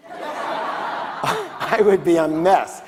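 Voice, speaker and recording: Upbeat seminar guy quizzing the crowd, slightly high voice, long hall echo. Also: drawn-out words, noisy background. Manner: energetic call-and-response with the audience. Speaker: seminar speaker. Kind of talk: motivational seminar talk. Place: large conference hall, on stage. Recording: long reverb of a large hall.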